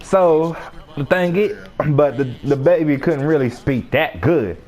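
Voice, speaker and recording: Slow, laughing young man telling a story. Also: a little high, darkish tone. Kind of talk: casual storytelling chat.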